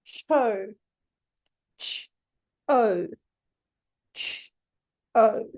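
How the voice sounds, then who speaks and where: A woman's voice: fairly high pitch, expressive, drawn-out words, a little mellow, no echo, poor audio. A woman with an Australian accent, a student carefully sounding out words in a phonics lesson.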